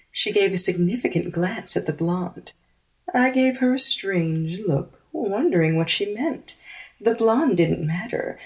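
A woman narrating a first-person audiobook in a smooth, unhurried read. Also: on the low side.

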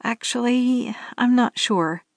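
A woman's voice: on the high side, slow pace, dry recording, clean studio sound. A woman voicing a nervous young female driver who stammers and rambles apologetically. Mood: flustered.

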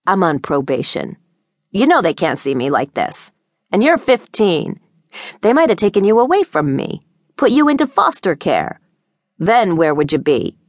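A woman voicing a harsh, drug-addled mother who bellows coarse, loud abuse, in an audiobook. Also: low-pitched, dry recording, full character voice. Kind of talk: audiobook character voice. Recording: dry close studio sound.

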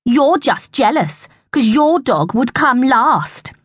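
A woman's voice: a little high, very animated, slow, no room sound, studio quality, voice pushed up, exaggerated voice. Woman voicing a sneering, snooty schoolboy show-off. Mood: boastful. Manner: sneering, boastful.

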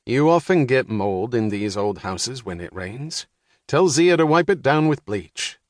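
A man voicing an excitable, sarcastic middle-aged father who talks in a brisk way. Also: medium pitch, dry recording, clean studio sound. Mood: brusque.

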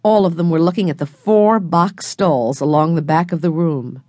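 A woman narrating a children's audiobook with clear, expressive storytelling, recorded close in a studio. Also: fairly low pitch, normal speed, no room sound. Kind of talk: scripted narration of a children's book.

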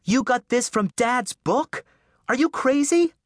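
A man's voice: medium pitch, sing-song, a little slow, dry recording, pitched above the performer's own voice. A spunky teenage girl, as a male reader puts her on, with a brash, pushy manner. Her voice sits well above the reader's own, bounces around a lot, and sounds close and dry. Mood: urgent, defiant.

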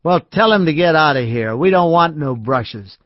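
A man's voice: a little high, animated, normal speed, no echo, pitched above the performer's own voice, close to an everyday voice. A man voicing a drunk, belligerent grown man who speaks thickly and sneers. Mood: hostile. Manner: thick, sneering, slurred speech. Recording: dry, slightly dull studio audio.

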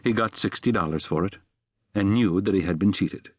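Man, audiobook narrator, lowish voice, measured even reading, dry close sound. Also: breathy edge, no echo, dull audio. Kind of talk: scripted narration.

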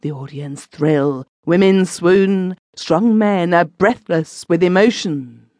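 A woman's voice: lowish voice, slow, darkish tone, dry recording, voice pushed up. A woman reading the part of a fat male comic actor who talks in a theatrical, declamatory way, in an audiobook.

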